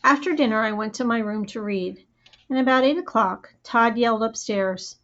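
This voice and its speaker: Female audiobook narrator, first person, steady and plain, slightly high voice, muffled lo-fi sound. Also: moderate pace. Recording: dull lo-fi audio.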